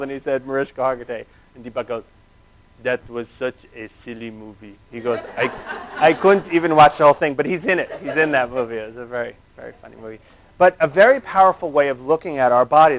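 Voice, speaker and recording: A man, a chiropractor, giving a rambling anecdotal talk to a live audience. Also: medium pitch. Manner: rambling, conversational storytelling. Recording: tinny, phone-like narrow sound.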